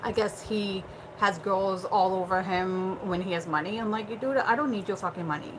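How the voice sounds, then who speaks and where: A woman's voice: medium pitch, normal speed. Young woman, livestream host, blunt, chatty, swears a lot, faint background noise. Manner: blunt, chatty, swears freely, lots of fillers. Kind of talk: casual livestream chat.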